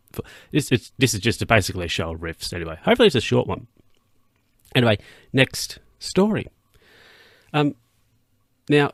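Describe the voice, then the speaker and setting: A young man rambles through a casual solo podcast, restarting his sentences and chuckling between thoughts. His voice sits low and carries a gravelly fry. The room around him sounds dry and close, and he yawns now and then as he talks. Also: no room sound. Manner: rambling, self-interrupting, chuckling, voices his own thoughts in a high put-on tone. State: yawning. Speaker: podcast host.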